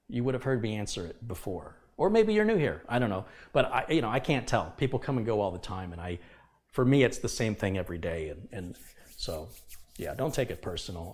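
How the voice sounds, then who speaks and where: A man's voice: on the low side, darkish tone. A man hosting a live computer repair stream, talking casually but with passion and emphasis, lecturing his viewers. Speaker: livestream host. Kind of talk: casual livestream talk.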